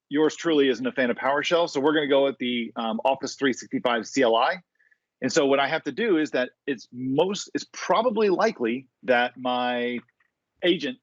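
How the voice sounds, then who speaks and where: A man presenting a casual, live screen-share tech demo on a developer community video call, with quick asides and restarts. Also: medium pitch, dry recording, lo-fi sound.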